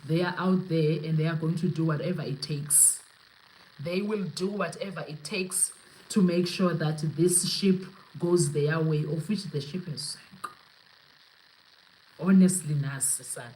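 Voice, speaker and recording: A woman's voice: deep voice, fairly even intonation, measured pace, dark tone, slight background noise, rough recording. A young South African woman hosting a live podcast, talking casually and animatedly, switching between English and Zulu and laughing often. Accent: South African, mixing in Zulu. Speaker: podcast host. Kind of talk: casual live-stream commentary.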